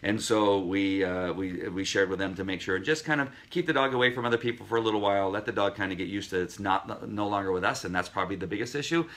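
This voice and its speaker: Man, dog trainer, lowish voice, earnest, emphatic, repeats key points, casual talk. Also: fast talker, hardly any pauses, fairly bright tone.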